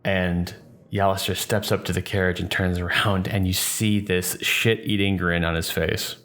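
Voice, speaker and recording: Low-voiced man running a tabletop game. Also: normal speed. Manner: relaxed storytelling with fillers. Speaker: dungeon master.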